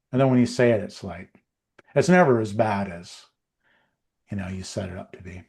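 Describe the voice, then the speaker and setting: A man's voice: mid-range voice, fairly quick, gravelly, a little mellow. A man co-hosting a livestream podcast, chatting casually and rambling with many fillers and restarts. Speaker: co-host.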